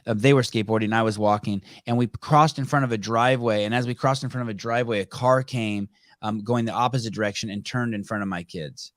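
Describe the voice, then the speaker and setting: A man hosting a podcast who tells casual anecdotes in a relaxed, chatty way, swearing now and then. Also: lowish voice, fast talker, no echo, studio quality. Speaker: podcast host. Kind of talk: casual conversation.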